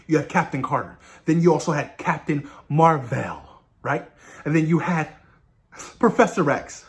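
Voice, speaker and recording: A young man hosts his own movie review channel and talks straight to his viewers. He gushes with excitement and swears freely, and his voice leaps up and drops down all the time. It sits a touch higher than most men's. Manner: hyped, gushing, swearing often.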